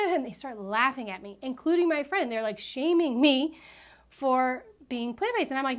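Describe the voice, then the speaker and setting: Chatty, animated woman telling a story. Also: sits high, moderate pace. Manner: chatty and animated, frequent fillers and self-corrections, laughs while telling. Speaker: vlogger. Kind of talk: personal storytelling vlog.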